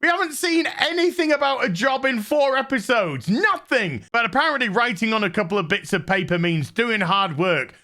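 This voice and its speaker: Sardonic male reviewer, bright voice, deadpan and fed up. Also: high voice. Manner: exasperated, sweary, deadpan mockery. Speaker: show reviewer. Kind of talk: sarcastic TV episode recap.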